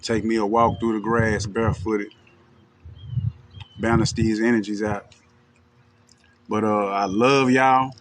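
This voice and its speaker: A lowish-voiced Texan with a country twang hosts a livestream, speaking slowly in a level tone with long pauses. He's direct and street-casual with his viewers, often saying "you know what I'm saying". There's a little hiss or hum.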